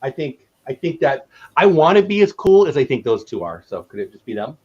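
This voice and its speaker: A man's voice: medium pitch, very animated, brisk, dark tone, a little hiss or hum. Fifty-something guy hosting a stream, rambles and repeats himself, kinda muffled lo-fi audio. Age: 50s. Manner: rambling, repeats words, laughs often. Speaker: livestream host. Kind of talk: casual video chat.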